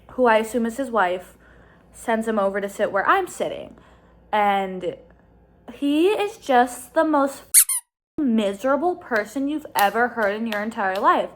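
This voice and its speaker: A young woman tells a storytime vlog into her phone, her voice sitting a little high. She talks in a chatty, exasperated way and hurries through her phrases. She speaks first while walking outside at night, then from home. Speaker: vlogger.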